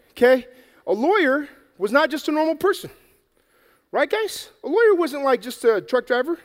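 A man telling a Bible story to children in a lively, playful way, acting it out and getting out of breath. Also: very high-pitched, long reverb tail. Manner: energetic, playful, acts out the story. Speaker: children's preacher. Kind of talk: animated Bible story for kids. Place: church hall with an audience.

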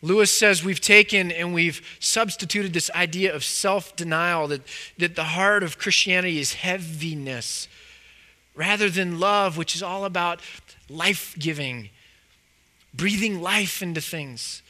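Male pastor, high and very bright voice, chatty sermon delivery. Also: measured pace. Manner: casual, conversational preaching with many fillers.

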